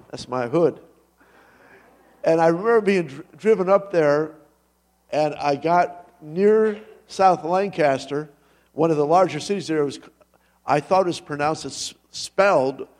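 A male pastor delivers a sermon in a church, his voice sitting a little on the high side. He tells the story with animated energy, dropping low and then surging into sudden loud rises.

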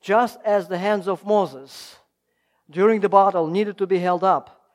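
High-voiced preacher, emphatic rises and hushes. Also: male voice, fairly even intonation, measured pace. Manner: emphatic, rising and falling in volume. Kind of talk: sermon.

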